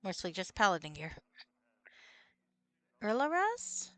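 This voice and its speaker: A woman's voice: mid-range voice, huge pitch swings, slow, a bit bright. A woman streaming a computer role-playing game, chatting casually, swearing and reading out the characters' lines. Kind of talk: casual let's-play chat with read-aloud dialogue.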